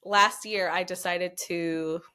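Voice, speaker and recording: A young adult woman speaking as a podcast guest in a slightly low voice. She tells her story in a loose, chatty way, full of fillers and asides, and grows emotional as she talks. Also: slow, clean tone. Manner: chatty and expressive, many fillers, emotional at times.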